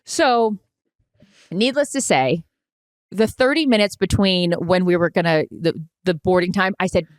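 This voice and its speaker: A woman's voice: on the low side, measured pace, dry recording, studio quality. A woman co-hosting a podcast in casual chat, telling a story with lots of energy and the odd swear word. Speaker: podcast co-host.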